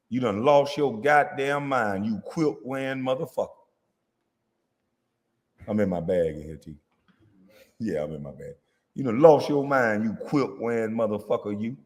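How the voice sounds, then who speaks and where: A man's voice: mid-range voice, long reverb tail. A man, a former basketball player, delivering a heated, profane, confrontational rant at a critic. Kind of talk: angry rant.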